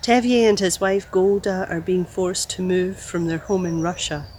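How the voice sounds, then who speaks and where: A woman preaching a sermon, telling a story and gently acting out the quoted lines. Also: lowish voice, fairly even intonation, normal speed, slight background noise, rough recording.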